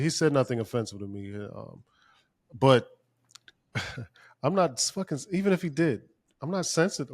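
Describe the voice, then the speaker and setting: A man co-hosting a podcast, talking casually and ranting profanely, his voice climbing when he gets worked up. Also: on the high side. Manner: profane, heated rant. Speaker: podcast co-host.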